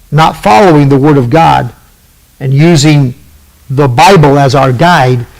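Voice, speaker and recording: A man's voice: a little high, creaky, a little mellow, low-quality recording. Emphatic male political radio host. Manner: emphatic, sarcastic, rising to indignant questions. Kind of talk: opinionated political commentary.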